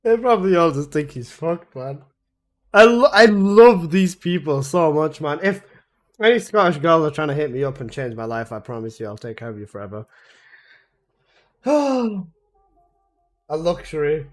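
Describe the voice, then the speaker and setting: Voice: medium pitch, animated, normal speed. A game streamer reacting to a video in casual, giggly chat, swearing now and then.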